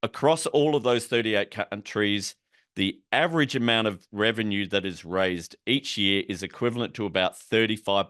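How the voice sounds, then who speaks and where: A man's voice: fairly low pitch, fairly bright tone, smooth, dry recording. A man giving a conversational policy lecture, explaining terms as he goes, with asides and dry humor. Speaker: policy educator.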